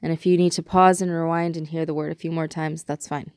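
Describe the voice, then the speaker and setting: A woman teaching a recorded language lesson, patiently explaining step by step and repeating example words slowly. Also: low-pitched, little pitch movement, darkish tone, dry recording, studio quality.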